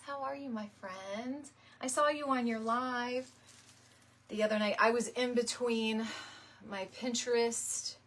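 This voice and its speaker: Making a wreath live, a woman chats casually with her stream, laughs a lot, and calls out viewers by name. She has a husky, mid-range voice.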